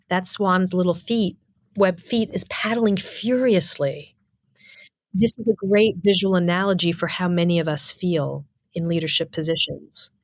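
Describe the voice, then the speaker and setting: A middle-aged woman, a communication lecturer, giving clear, emphatic interview answers full of lists and rhetorical questions. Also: fairly low pitch, no room sound, clean studio sound.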